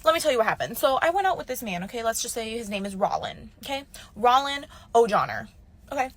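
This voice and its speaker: A woman with a fairly high voice launches into a dating story for her viewers. She speaks emphatically and punchily, keeps checking in with them, and swears casually. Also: big pitch swings, fast talker, a bit bright. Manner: emphatic, keeps tagging lines with "okay?".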